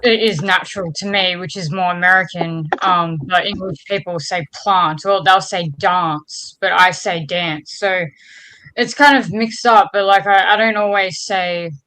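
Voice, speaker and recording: A woman's voice: medium pitch, fairly even intonation, moderate pace, sharp tone, poor audio. A woman with an Australian accent in a casual voice chat, speaking hesitantly and searching for words.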